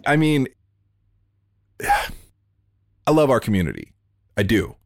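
A man hosting a podcast interview over a remote call, talking in an earnest, heartfelt way and in quick bursts. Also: medium pitch, huge pitch swings, creaky, no echo, studio quality. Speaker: podcast host. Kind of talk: emotional interview conversation.

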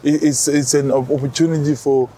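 A South African man in his thirties, a rugby captain, telling stories in relaxed casual chat as an interview guest. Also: on the high side, brisk, breathy edge. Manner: relaxed storytelling, says bro a lot, many restarts.

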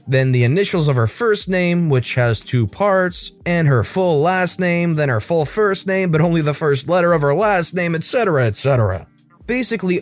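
A man reads online stories aloud with a lively, expressive delivery, his fairly high voice rising and falling a lot. Soft music plays faintly underneath. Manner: expressive, animated storytelling. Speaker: story narrator.

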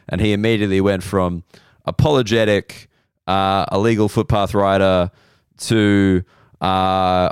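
An Australian comedian hosting a podcast, telling rambling self-deprecating stories slowly, his voice hoarse and worn. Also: low voice, little pitch movement, no room sound, clean studio sound. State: losing his voice. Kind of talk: casual comedic monologue.

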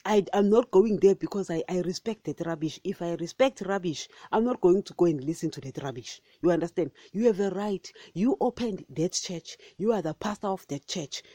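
A woman preaching with fire and scorn, hammering her points home again and again. Her voice is mellow and dark, and the recording is close and dry with no room around it. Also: fairly low pitch, a little fast, few pauses, dry recording. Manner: emphatic, repetitive, scolding, calls listeners "guys". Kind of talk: impassioned sermon monologue.

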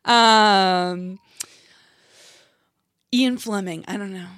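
A woman's voice: mid-range voice, very slow, a bit bright, clear, resonant tone, no echo, clean studio sound. A woman co-hosting a talk show, answering in an amused, hesitant way. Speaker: co-host. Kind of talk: casual chat.

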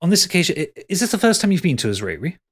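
A fussy, fawning male concierge, put on by a man running a tabletop game. His voice sits higher than plain talk and he keeps repeating words in a prim, polite way. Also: very animated, racing, a bit bright, heavily acted.

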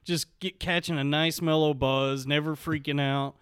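A man's voice: fairly high pitch, steady tone, moderate pace, a bit bright, clear, resonant tone, no room sound, studio quality. A young man co-hosting a comedy podcast, rambling and laughing through casual banter with stammered restarts. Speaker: podcast co-host. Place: basement.

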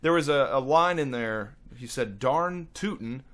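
A man's voice: mid-range voice, normal speed, a bit bright. A male voice actor talking casually and self-deprecatingly about his role, rambling a little. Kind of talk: casual interview.

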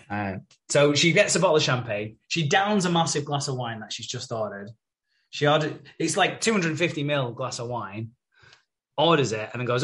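A man's voice: mid-range voice, animated, fairly quick, a bit bright. A man co-hosting a podcast, casually recapping a soap episode and swearing freely. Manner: sweary, acts out characters' lines in retelling. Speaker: podcast co-host.

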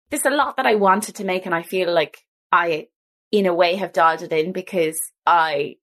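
Irish woman, young adult, podcast co-host, lively swooping pitch, chatty, laughs a lot. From Ireland. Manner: chatty, laughs often, animated. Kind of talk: casual chat about a cookbook.

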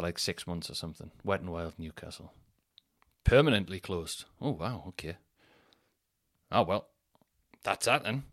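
Guy rambling on his podcast, lowish voice, dry close mic. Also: a bit bright, no room sound. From Northeast England. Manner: rambling, chatty, laughs at own stories. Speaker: podcast host. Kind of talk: solo casual storytelling.

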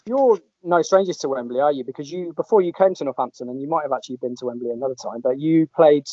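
Male podcast host from England, relaxed and chatty, joking with guests over a dull lo-fi line. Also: a little high, fast, dry recording. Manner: chatty, jokey, rambling with restarts. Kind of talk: casual podcast chat. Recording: dull lo-fi audio.

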